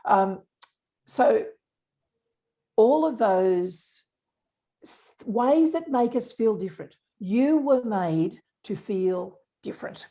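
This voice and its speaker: A woman speaks as an interview guest, her voice mellow and warm-toned. She explains her points earnestly, stressing key words with conviction. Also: fairly high pitch, animated, slow. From Australia. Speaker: unconscious bias specialist. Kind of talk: interview conversation.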